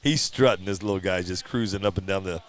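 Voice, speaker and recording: A man hosting a live stream who calls the races in a chatty, easygoing way and shouts with excitement at a surprise win. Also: low voice, quick pace. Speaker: race announcer and livestream host. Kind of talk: casual live race commentary. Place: at a drag racing event.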